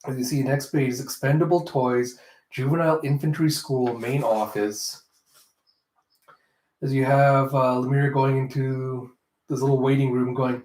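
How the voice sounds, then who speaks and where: A man's voice: medium pitch, fairly even intonation, unhurried, a little mellow. A man casually narrating a comic readthrough, in a chatty way full of "like" asides. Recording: roomy echo.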